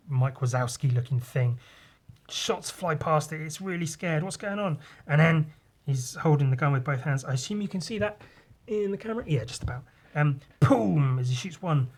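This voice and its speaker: A man hosting a podcast, casually talking through his comic pages and swearing freely. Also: a little high. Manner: loose and rambling, swears, mimics sound effects. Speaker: podcast host.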